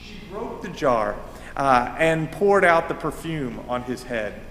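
Male pastor, animated sermon delivery, slightly high voice, long church reverb. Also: slow pace, slight background noise. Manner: animated, emphatic preaching with restarts. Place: church sanctuary. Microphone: handheld or stand microphone.

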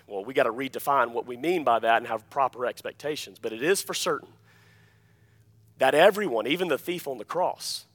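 A pastor preaching a sermon, emphatic, often asking the congregation "Amen?" and dropping to quiet asides between louder points. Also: male voice. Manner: emphatic, repeats key phrases, calls "Amen?" to the congregation; swings between loud emphasis and quiet, low-voiced asides.

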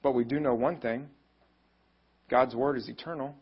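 A male pastor gives a conversational, encouraging sermon, often acting out what people think and say. His mid-range voice has a steady tone, a moderate pace and a breathy edge. The sound is lo-fi.

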